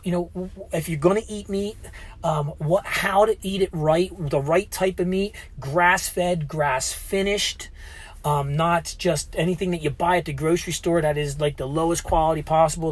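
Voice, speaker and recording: A man in his forties, a health vlogger, telling a story in a rambling, casual way with many restarts. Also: high voice. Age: 40s. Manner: rambling, retells conversations with frequent restarts. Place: at or near a gym.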